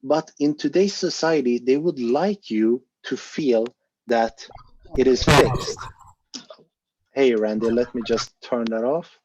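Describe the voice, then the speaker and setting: A man's voice: mid-range voice, takes it slowly, darkish tone, slightly rough, no echo. Earnest man on a muffled call. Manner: earnest, encouraging, thinks aloud with fillers. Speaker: volunteer presenter of an online discussion. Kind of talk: casual explanatory talk on a video call.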